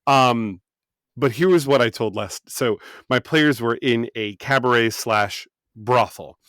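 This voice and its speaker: A man's voice: mid-range voice, unhurried, a bit bright, dry recording, studio quality. Self-deprecating man telling a game story. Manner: self-deprecating, laughs often. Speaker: co-host and game master. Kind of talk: casual podcast chat and anecdote.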